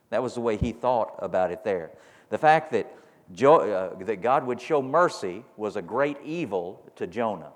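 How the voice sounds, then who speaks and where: Lowish-voiced man preaching in a reverberant hall. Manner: preaching with repeated rhetorical questions, building to emphatic peaks. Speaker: pastor. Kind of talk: sermon. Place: church sanctuary. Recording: long reverb of a large hall.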